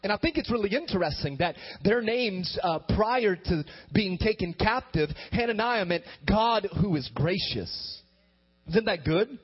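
Animated high-pitched preaching man. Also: husky. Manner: animated preaching, rising to loud emphatic bursts. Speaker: pastor. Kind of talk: sermon. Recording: dull lo-fi sermon recording with faint music.

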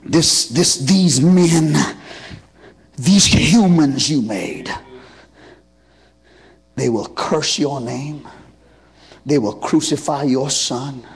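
Casting: a preacher playing Satan as a relentless male prosecutor, husky and slow, stacking up the charges. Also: on the high side, exaggerated voice. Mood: accusing. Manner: accusing, listing charges one after another.

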